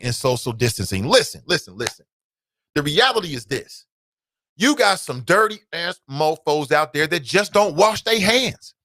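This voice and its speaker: A man's voice: medium pitch, sharp tone, no echo. A man hosting his own talk show, ranting bluntly and passionately, swearing at times. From United States. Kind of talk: opinionated solo commentary.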